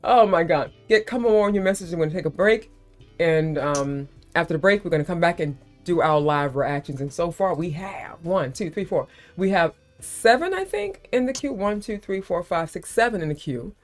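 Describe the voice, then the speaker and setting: A woman's voice: lowish voice, animated, moderate pace, soft background music. Chatty American woman hosting a stream. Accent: neutral American. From South Florida, USA. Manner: chatty, laughing, calls people baby. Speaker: livestream host. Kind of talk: casual live-stream chat.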